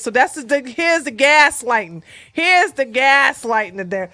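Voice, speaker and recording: A woman with a high, bright voice talks her viewers through relationship advice in a blunt, emphatic way. Her speech is plain and slangy, and she hammers her points home by repeating them. The recording is dry and close, with no room sound. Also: lively intonation, a little slow, few pauses, no room sound. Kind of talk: casual advice talk to viewers.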